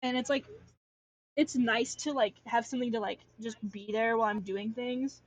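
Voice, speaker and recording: A woman's voice: on the high side, fairly even intonation, moderate pace. A young adult woman chatting casually on a livestream while drawing, rambling and ranting with lots of filler and restarts. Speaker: artist streamer.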